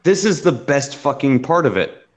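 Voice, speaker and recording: A man's voice: mid-range voice, expressive, normal speed. A man co-hosting a casual chat show, emphatic and profane, repeating his points for effect. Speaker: podcast co-host.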